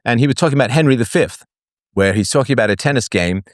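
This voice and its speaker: A man's voice: medium pitch, animated, quick pace, no room sound. Guy ranting on his live show, voice swings way up and down, mocking and jokey, dry close sound. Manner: sarcastic and mocking; jokey asides between figures read out. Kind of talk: solo livestream monologue.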